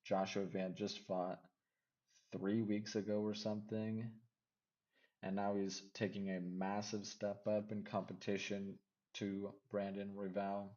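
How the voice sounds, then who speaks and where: A man giving casual MMA fight predictions, rambling and second-guessing himself out loud. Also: fairly low pitch, flat delivery, a little slow, highs cut off. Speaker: MMA fight picks vlogger.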